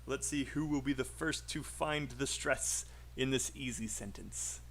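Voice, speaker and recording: A man's voice: mid-range voice, steady tone, measured pace, a bit bright, slight background noise. A man teaching English pronunciation on a live stream, chatty and encouraging, calling out names from the chat.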